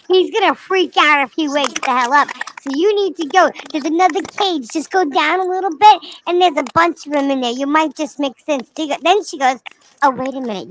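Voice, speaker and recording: A woman's voice: sits high, fairly bright tone, a little hiss or hum, low-quality recording. A woman voicing a cheeky young male rainbow lemur who rambles through a crude, chatty story. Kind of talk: comic character monologue.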